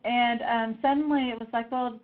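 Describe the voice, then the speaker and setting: A middle-aged woman telling personal stories in a lively way, acting out the voices of the people she quotes. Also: medium pitch, moderate pace. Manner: animated, acts out voices in quotes. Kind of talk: personal storytelling talk. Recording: tinny phone-like sound.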